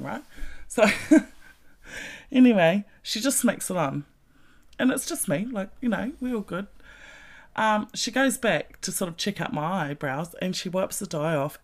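A woman in her forties telling a story in a casual vlog, swearing freely and often breaking into laughter. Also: fairly low pitch. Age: 40s. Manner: profane, laughing, animated storytelling. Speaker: vlogger.

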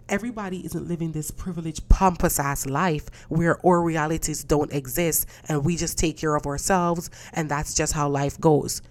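A woman hosting a podcast, talking bluntly and with exasperation, swearing freely as she rants. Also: deep voice. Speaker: podcast host. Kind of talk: casual rant.

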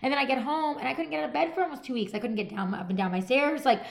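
A woman's voice: high voice, very fast, creaky. A woman in her thirties hosting a podcast, chatting casually and animatedly and acting out the people she quotes. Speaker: podcast host. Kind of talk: casual chat.

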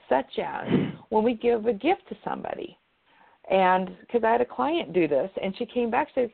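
A woman's voice: medium pitch, gravelly. A woman giving earnest advice in casual conversation, often restarting her sentences. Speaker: guest. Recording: tinny phone-like line.

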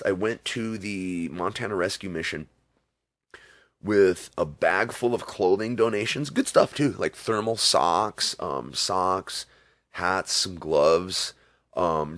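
Man, very low voice, dry sound, casual interview, rambling storyteller, acted-out quotes. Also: measured pace, fairly bright tone, no room sound.

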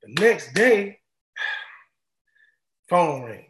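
A man's voice: on the high side, big pitch swings, drawn-out words, fairly bright tone, echoey room, a little hiss or hum. A man, a former college football player, telling stories casually and animatedly, often repeating and restarting phrases. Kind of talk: casual storytelling.

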